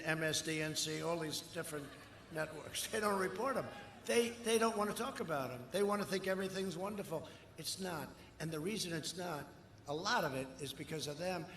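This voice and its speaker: Male rally speaker, high and bright, boastful and repetitive, often shouting; echoing outdoor loudspeaker sound. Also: slight background noise. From United States. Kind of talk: campaign rally speech. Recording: echoey rally sound with long reverb and faint ambience.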